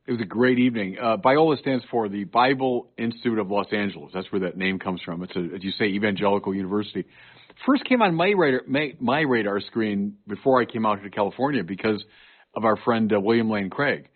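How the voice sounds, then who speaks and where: A man's voice: fairly low pitch, fairly quick. A man in his sixties, a bishop and guest on a talk show, speaking earnestly and telling stories with emphasis. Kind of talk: conversational podcast chat. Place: home studio. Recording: narrow phone-like sound.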